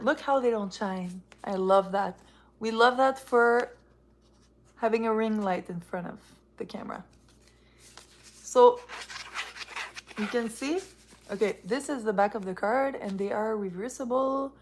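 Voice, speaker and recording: Chatty woman streaming. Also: on the high side. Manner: chatty and rambling, reacting to viewer comments. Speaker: live streamer reviewing a tarot deck. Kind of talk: casual live-stream chat.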